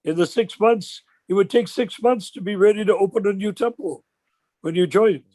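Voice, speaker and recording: An older man leading an informal religious discussion on a video call, telling stories with rhetorical questions in an animated way. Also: sits high, normal speed, dry recording. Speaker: discussion leader.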